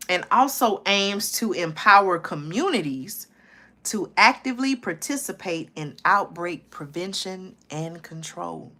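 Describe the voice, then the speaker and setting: A woman hosting her own live stream reads a news report aloud, breaking in urgently, repeating herself, and often saying "okay?" and "listen, y'all" to get viewers to pay attention. Her lowish voice is expressive, bright, and forceful, and she speaks unhurriedly.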